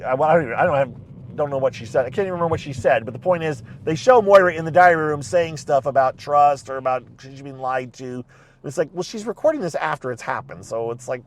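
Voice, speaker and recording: A man casually recapping a TV show from inside his car, rambling with lots of fillers and restarts. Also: mid-range voice. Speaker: recap vlogger.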